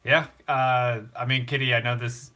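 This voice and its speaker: A man's voice: mid-range voice, flat delivery, normal speed, bright, forceful tone. A young man hosting a casual live stream, talking earnestly and emotionally to comfort a viewer.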